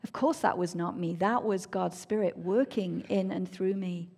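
A woman giving an earnest, emotional personal faith testimony, now and then dropping to a soft near-whisper. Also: on the low side, normal speed, vocal fry, breathy edge. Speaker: speaker sharing a personal testimony.

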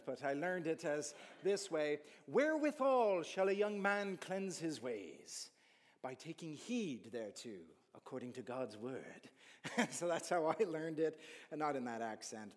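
Man, sermon, earnest and conversational, fairly high voice, long hall reverb. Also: a little mellow. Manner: earnest, conversational preaching with rhetorical questions. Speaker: pastor.

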